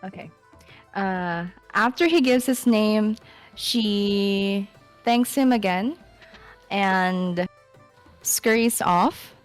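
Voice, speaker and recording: A woman's voice: mid-range voice, drawn-out words, pauses often, faint music behind. A woman playing a tabletop game, describing her character's actions in a hesitant way. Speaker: player.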